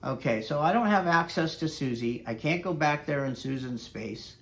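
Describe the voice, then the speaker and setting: A man's voice: a little high, expressive, moderate pace, a bit bright. A man who is a dog trainer, telling a story in a casual vlog, rambling and conversational with frequent fillers.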